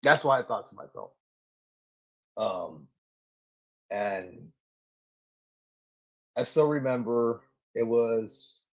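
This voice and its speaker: A Marine gunnery sergeant in his 30s, mid-pitched and lively, tells stories casually during an interview. His animated delivery is packed with "like"s and other fillers, and the lo-fi audio sounds slightly muffled and dull.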